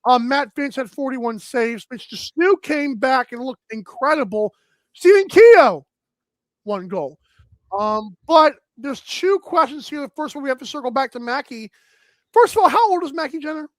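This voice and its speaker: High-voiced energetic male sports talk host. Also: moderate pace, no echo. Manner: energetic, rambling, many fillers.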